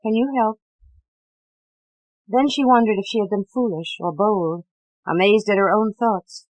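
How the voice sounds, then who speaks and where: A woman audiobook narrator reading a novel with a measured, dramatic delivery that drops to hushed passages. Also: mid-range voice, dry recording, low-quality recording. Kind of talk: scripted literary narration.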